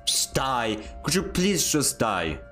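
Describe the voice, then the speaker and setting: A young man streams a game with rambling, self-deprecating jokes and frequent laughs. His mid-range voice is sing-song, pushed, and bright, and he takes his time, with soft music playing behind him.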